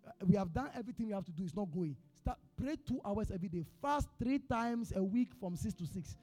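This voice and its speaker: A man preaching in a church with a Ghanaian English accent, telling a personal story in his sermon. He is an animated storyteller who swings from hushed tones to shouting. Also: high voice, quick pace. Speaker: pastor.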